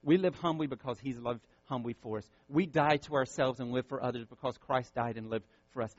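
A male pastor preaching an impassioned sermon, repeating words and swinging from loud peaks to soft, quiet lines. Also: medium pitch, brisk, no room sound, lo-fi sound.

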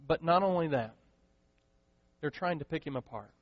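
High-voiced preacher in a reverberant hall. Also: male voice, normal speed. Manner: animated, acts out quoted voices. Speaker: pastor. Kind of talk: sermon. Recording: dull, long hall reverb.

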